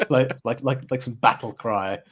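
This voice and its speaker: A man's voice: medium pitch, fairly quick. A man playing a tabletop game, thinking aloud with hesitant restarts. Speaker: player. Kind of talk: casual play at a tabletop game.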